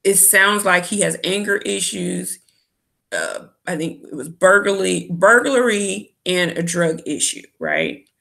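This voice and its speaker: A woman's voice: on the low side, big pitch swings, a little slow, vocal fry, pushed and bright. A woman giving a candid, opinionated casual recap of a reality show as a vlogger. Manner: candid, opinionated, with quoted asides.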